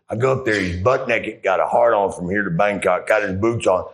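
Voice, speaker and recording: Middle-aged ex-Marine guest, very low voice, rambling crude storyteller. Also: male voice, quick pace, hardly any pauses, a bit bright. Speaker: interview guest, former Marine. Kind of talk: casual storytelling.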